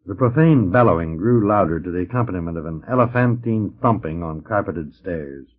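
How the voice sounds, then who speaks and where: A man reading a science fiction story aloud in an expressive narrating voice, taken from an old, dull-sounding record transfer. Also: deep voice, fairly quick, hardly any pauses. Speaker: audiobook narrator. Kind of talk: scripted narration.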